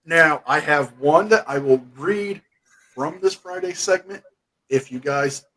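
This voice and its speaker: A man's voice: fairly high pitch, big pitch swings, a little slow, pushed and bright, low-quality recording. A man hosting a casual chat, reading out news headlines playfully. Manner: playful, reads headlines aloud. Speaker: host.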